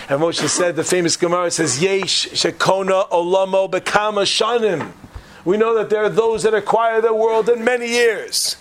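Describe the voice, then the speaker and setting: Animated man giving a Torah class. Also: a little high, background noise. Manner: animated, jokey, asks the audience questions. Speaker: rabbi teaching a class. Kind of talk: lively Torah class with a story.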